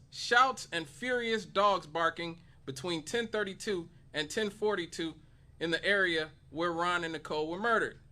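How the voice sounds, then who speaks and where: A man's voice: high voice, bright, forceful tone. A man hosting a talk radio show, delivering an emphatic monologue and building his case with rhetorical questions. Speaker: radio host.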